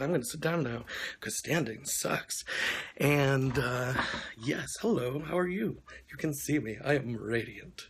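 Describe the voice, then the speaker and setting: A man's voice: medium pitch, gravelly. Young guy rambling at his camera, blunt and sweary, faint hiss behind, dim little room. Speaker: vlogger. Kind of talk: casual vlog update. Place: small dim room indoors.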